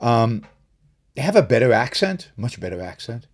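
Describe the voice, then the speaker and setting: A middle-aged man hosts a live stream in a casual, rambling way full of fillers and restarts. He speaks at a moderate pace with big swings in pitch, climbing higher whenever he makes a point.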